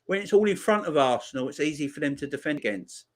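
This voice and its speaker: Hosting a live football watchalong, a man gives casual commentary and chats back to viewer comments. His voice is expressive and quick, and he reacts loudly whenever there's a chance on the pitch.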